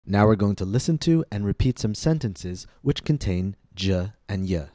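A man hosting a pronunciation podcast, reading a scripted lesson slowly and with careful, clear enunciation. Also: on the low side, expressive, mellow, no echo, studio quality. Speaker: pronunciation teacher and podcast host.

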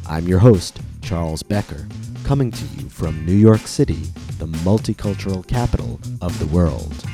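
Deep-voiced American man teaching pronunciation. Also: dark tone. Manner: slow, carefully enunciated teaching delivery. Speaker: pronunciation podcast host. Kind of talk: scripted pronunciation lesson.

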